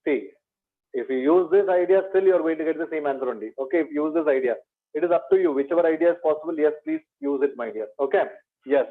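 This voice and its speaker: A fast-talking maths teacher, his voice on the high side and his accent Indian English, gives an exam revision lecture heard through tinny, phone-like online audio. He questions and answers himself, and students are "my dear" to him.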